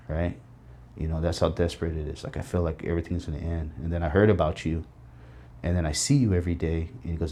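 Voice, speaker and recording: Man, very low voice, mellow dark tone, earnest reflective storytelling, interview guest. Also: steady tone, quick pace, slight background noise. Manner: earnest, reflective, tells stories with quoted voices.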